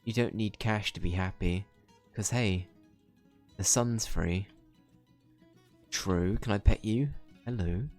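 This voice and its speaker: A man's voice: lowish voice, slow pace, pauses often, a little mellow, faint music behind. A man streaming a video game, reading its dialogue aloud with casual, joking asides. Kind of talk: casual let's-play commentary.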